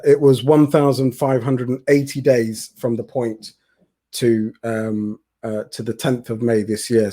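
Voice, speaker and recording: Host, man, 40s: warm mellow tone, stumbling and restarting as he talks. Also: lowish voice. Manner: halting, with many restarts. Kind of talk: casual interview chat.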